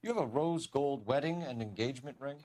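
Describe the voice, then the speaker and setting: An actor playing a composed, formal police detective who asks businesslike questions in a video game. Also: male voice, mid-range voice, a little fast, a little mellow, natural voice, rough recording. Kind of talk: video game cutscene acting.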